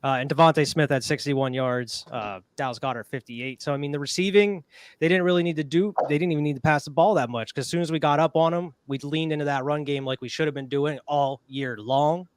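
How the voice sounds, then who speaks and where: A man's voice: a little high, steady tone, brisk, clean tone, no room sound. A man co-hosting a casual sports podcast, an upbeat fan who rattles off stats with lots of "I mean". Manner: upbeat stat-listing fan with filler "I mean". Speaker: podcast co-host.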